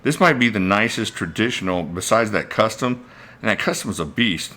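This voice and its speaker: A man's voice: fairly low pitch, lively intonation, fairly quick, bright, forceful tone. A man hosting a casual livestream, rambling and thinking aloud as he greets viewers by name. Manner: reads out viewer names mid-talk. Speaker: knife channel host.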